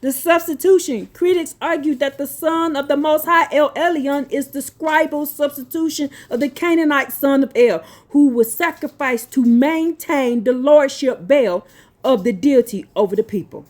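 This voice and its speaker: A woman reading religious notes slowly, then breaking into blunt, profane, scolding asides. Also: high-pitched. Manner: slow deliberate reading broken by scolding rants. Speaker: religious teacher.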